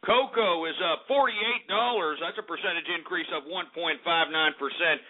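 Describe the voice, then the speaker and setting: A brash male radio host ranting in a sarcastic, profane stream of talk. His voice runs fairly high, and the sound is thin and tinny, as if heard over a phone line. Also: normal speed.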